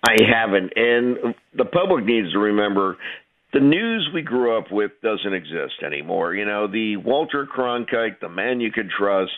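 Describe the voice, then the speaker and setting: Man, radio phone guest, low gravelly voice, tinny phone line, measured. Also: expressive. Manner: measured, serious, many "uh" fillers. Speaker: phone-in guest, retired FBI agent.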